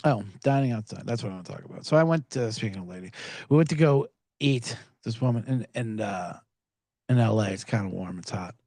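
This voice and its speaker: A podcast host with a lowish voice speaks fairly quickly, with no room sound, in a comedic rant. He's animated and sarcastic, swears, and acts out snippy bits of dialogue.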